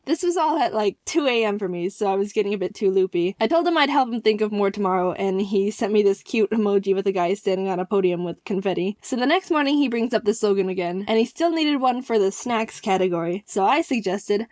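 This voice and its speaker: A woman narrating an animated storytime in an excitable way, jumping into playful voices for the people she quotes. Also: medium pitch, fast, dry recording, studio quality.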